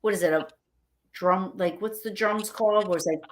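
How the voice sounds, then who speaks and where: A woman chatting casually on a livestream, telling stories excitedly and acting out what people said. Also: medium pitch, normal speed, slight background noise. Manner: excited, rambling storyteller acting out quotes.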